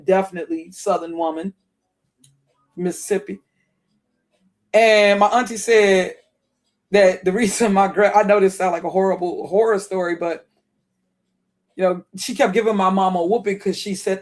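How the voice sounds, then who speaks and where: High-pitched guy from chicago rambling on solo, stumbles over words, laughs a lot. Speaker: online talk host. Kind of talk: casual monologue.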